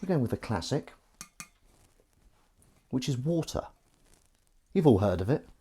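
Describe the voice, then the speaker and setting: A man's voice: medium pitch, sing-song, unhurried, mellow, slightly rough. Rambling, jokey man hosting a stream. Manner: rambling, jokey and self-mocking, with false starts and wordplay. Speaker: livestream host. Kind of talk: casual livestream chat while washing up.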